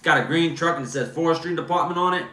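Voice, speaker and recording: Bright-voiced man telling stories. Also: fairly high pitch, fast. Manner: animated, slangy storyteller, lots of "bro" and "man". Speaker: host. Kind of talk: casual storytelling livestream. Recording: echoey room.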